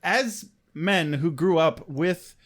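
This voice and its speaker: A man's voice: a little high, slow pace, fairly bright tone. A man co-hosting a podcast in a casual, joking and reassuring way. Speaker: podcast co-host. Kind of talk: casual chat.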